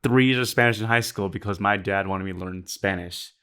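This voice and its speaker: Young guy cohost, bright voice, lots of laughing, short replies. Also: fairly low pitch, fairly quick, clean tone. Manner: laughs often, brief reactions. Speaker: podcast co-host. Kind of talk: casual chat.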